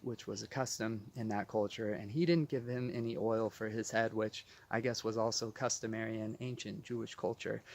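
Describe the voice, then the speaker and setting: A man, a poet, casually walking through one of his own poems in an earnest, enthusiastic way, often repeating words and asking "right?". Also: mid-range voice. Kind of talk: casual spoken walkthrough of a poem.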